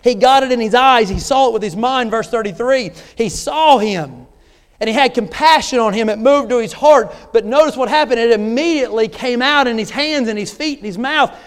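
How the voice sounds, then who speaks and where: A man with a strikingly high voice preaches a sermon in a church sanctuary, driving each point home with rhetorical questions. His words ring out with a long hall reverb. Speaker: visiting missionary preacher.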